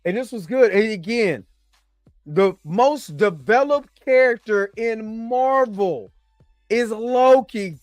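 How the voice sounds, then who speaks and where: High-voiced guy doing a chatty reaction review, joking around, dry sound. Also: no room sound. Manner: animated, joking, talks to the audience. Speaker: host and movie reviewer.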